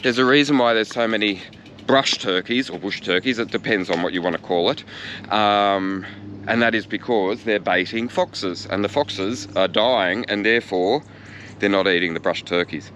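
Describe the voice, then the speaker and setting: Chatty Australian man with a low voice. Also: moderate pace, a bit bright, slight background noise. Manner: chatty, jokey, talks to himself. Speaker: cycling vlogger. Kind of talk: casual vlog commentary. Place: outdoors in a harbourside park.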